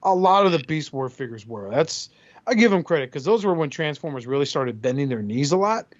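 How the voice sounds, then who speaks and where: Guy hosting a podcast, kinda high voice, swears a lot, muffled audio. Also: fairly quick, no room sound. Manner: profane, animated storyteller who acts out quotes. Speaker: podcast co-host. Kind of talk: casual podcast chat.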